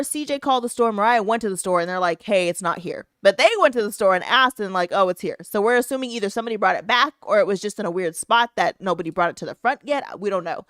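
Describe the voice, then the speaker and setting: A woman's voice: mid-range voice, fast talker, hardly any pauses, fairly bright tone, dry recording, studio quality. A woman co-hosting a podcast, telling a story in casual chat and acting out the voices of the people she quotes. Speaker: podcast co-host.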